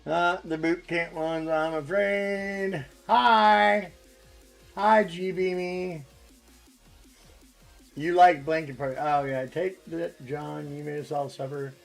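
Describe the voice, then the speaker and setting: A man giving casual, relaxed commentary on his own gameplay, thinking aloud with plenty of ums and uhs. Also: a little high, slow pace, gravelly, soft background music. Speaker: gaming streamer.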